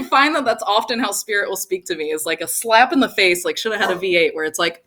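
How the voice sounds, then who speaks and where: A young woman telling a personal story to an audience, animated, laughing often and saying "like" a lot. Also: mid-range voice, fast, few pauses. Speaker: speaker.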